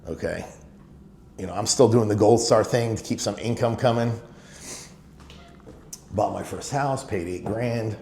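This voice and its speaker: A man's voice: fairly low pitch, measured pace, vocal fry, pauses often, dark tone. A middle-aged man telling stories in an interview, speaking emphatically and leaning on "you know" fillers. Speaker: business owner guest. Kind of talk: candid interview storytelling. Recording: echoey room with faint noise.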